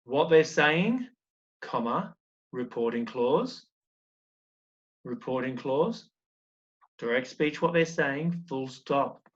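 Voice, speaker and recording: A man's voice: medium pitch, lively intonation, slow pace, pauses often, lo-fi sound. A man teaching a recorded primary school lesson, explaining step by step and asking encouraging questions.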